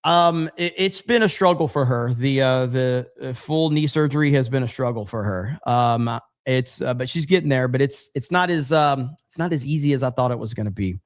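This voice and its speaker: A man's voice: medium pitch, normal speed, few pauses. A man hosting a casual livestream, rambling sarcastically and reading out chat messages. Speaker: livestream host.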